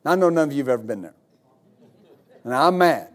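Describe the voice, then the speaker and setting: A middle-aged male pastor giving a sermon, telling stories with loud exclamations and laughter. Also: medium pitch, expressive, brisk.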